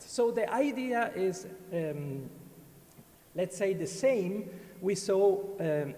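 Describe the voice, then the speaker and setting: A man lectures at an academic conference in a slightly high voice. He speaks very slowly, hesitating with fillers and restarts. The sound carries the long reverb of a large hall. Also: darkish tone. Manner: halting, many fillers and restarts.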